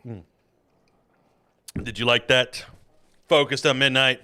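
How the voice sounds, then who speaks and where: A man's voice: mid-range voice, fairly even intonation, slow pace, pushed and bright, no echo. A man hosting a podcast in casual chat, rambling and jokey with a self-deprecating streak. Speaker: podcast host.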